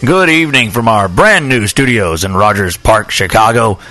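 A man's voice: lowish voice, expressive, normal speed, bright, forceful tone, soft background music. A man hosting a podcast from a small home studio, chatting in a joking, rambling way. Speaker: podcast host. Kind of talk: casual chat.

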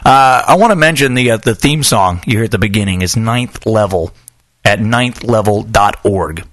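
A man's voice: on the low side, normal speed, a bit bright, no echo. A man hosting a podcast from a small home studio, chatting in a joking, rambling way. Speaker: podcast host. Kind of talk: casual chat.

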